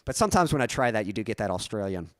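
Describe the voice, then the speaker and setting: A man's voice: on the low side, sing-song, racing, dry recording, studio quality. A young man chatting casually on his music live stream, rambling and correcting himself with small chuckles.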